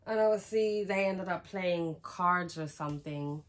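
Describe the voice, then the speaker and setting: Young woman, frank storytime chat, a little low-voiced, lots of fillers. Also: a little slow. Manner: chatty, frank, swears freely, fillers like "like". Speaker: vlogger.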